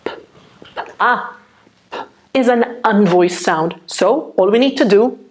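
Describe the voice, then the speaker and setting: A woman teaching English pronunciation in a slow, unhurried way. She explains each step patiently and keeps pausing to check that her viewers follow. Her voice has a middle pitch and a clear, careful classroom delivery. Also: slight background noise. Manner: patient, checks in often with "okay?".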